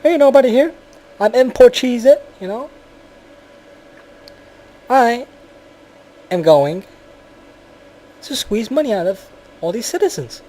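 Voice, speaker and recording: A man voicing a frantic male imported cheese snack turned small-time mobster, in a shrill, squealing voice. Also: animated, slow pace, pauses often, dark tone, full character voice, rough recording. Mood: scheming.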